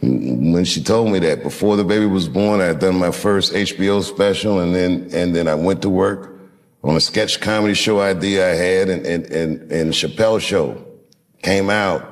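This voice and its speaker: Low-voiced man in his fifties, storytelling. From Washington, D.C. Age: 50s. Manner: measured, unhurried storytelling with dramatic pauses and acted-out quotes. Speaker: comedian. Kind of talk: reflective storytelling to an audience.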